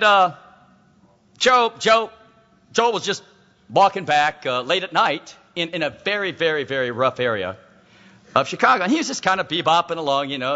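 A man's voice: sits high, in a large hall, muffled recording. A man preaching a sermon, telling stories with great animation, acting out the voices of people in them and calling out to his listeners. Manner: animated storytelling preacher, acts out voices, calls out to the crowd.

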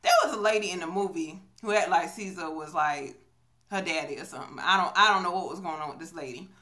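Brief: chatty woman, bright forceful voice, rambling with lots of fillers, recorded on a phone at arm's length. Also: fairly low pitch, fast talker. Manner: chatty, storytelling, many fillers. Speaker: vlogger. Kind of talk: casual movie review vlog. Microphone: phone on a selfie stick.

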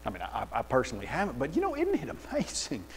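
A man preaching a sermon in an animated, sarcastic storytelling way. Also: medium pitch, fast, long reverb tail, a little hiss or hum, poor audio. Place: church auditorium.

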